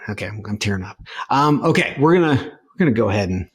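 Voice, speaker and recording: A man's voice: fairly low pitch, animated, quick pace, slightly rough. A man co-hosting a podcast, chatting casually with many fillers and restarts. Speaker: podcast co-host. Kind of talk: casual chat.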